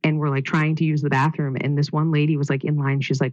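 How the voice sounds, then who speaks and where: A woman's voice: sits low, level tone, fast, a little mellow, dry recording. Female guest, chatty storyteller, lots of fillers; muffled, dry sound. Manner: rambling, many fillers. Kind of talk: casual storytelling.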